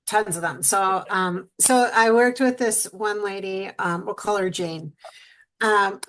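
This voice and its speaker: A woman telling a personal story as a guest in an interview, animated and quoting herself and others as she goes, emotional at times. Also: medium pitch, a little hiss or hum. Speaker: guest speaker.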